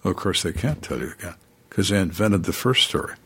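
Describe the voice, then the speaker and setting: Older male ex-detective guest, husky and low, animated delivery, dry storyteller. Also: fast. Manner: dry, emphatic storyteller who acts out suspects' lines. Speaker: retired homicide detective, guest. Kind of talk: storytelling in conversation.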